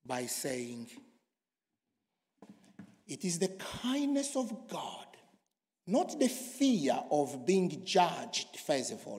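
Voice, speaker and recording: A preacher from Congo, preaching emphatically and swinging from loud to hushed. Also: male voice, on the high side. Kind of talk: sermon. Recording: long hall reverb.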